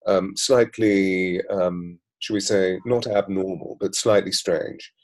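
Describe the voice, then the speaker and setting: A man, a voice coach and mystic guest, talking in a measured, flowing way in an interview, building long lists and repetitions. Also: deep voice, fairly even intonation, rough recording. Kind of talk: reflective interview talk.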